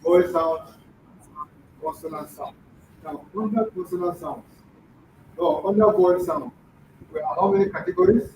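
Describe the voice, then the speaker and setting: A man's voice: high-pitched, normal speed, long pauses, noisy background. A man teaching a classroom lesson, often quizzing the students with questions. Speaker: language teacher. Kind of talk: classroom lecture. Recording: dull echoey room from far off.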